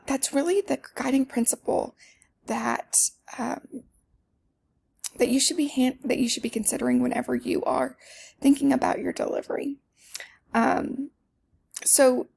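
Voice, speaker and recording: A woman's voice: sits high, a little slow, gravelly, pauses often, a little mellow, husky. A woman teaching public speaking in a conversational lecture, with fillers and self-corrections. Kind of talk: lecture to students.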